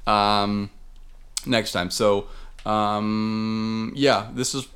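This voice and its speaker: A man's voice: on the low side, steady tone, extremely slow, fairly bright tone. A man hosting a podcast in casual, joking chat, teasing his co-host and trailing off into restarts.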